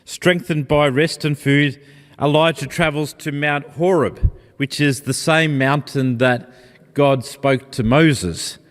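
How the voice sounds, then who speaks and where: A man preaching a sermon in a gentle, reflective, personal way. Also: fairly high pitch, fairly even intonation, takes it slowly. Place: church. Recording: long church reverb.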